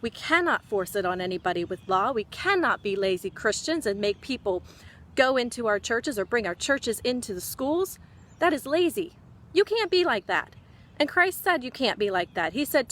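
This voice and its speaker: A woman's voice: fairly high pitch, animated, moderate pace, fairly bright tone. A woman giving an impassioned talk to fellow Christians, scolding them with repeated rhetorical questions and urging them to act. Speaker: Christian speaker.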